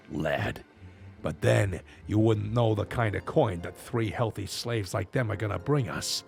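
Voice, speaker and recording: A man's voice: on the low side, gravelly, pitched below the performer's own voice, full character voice. A man voicing a greedy, gloating male slaver captain in a game dub. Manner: gloating and taunting.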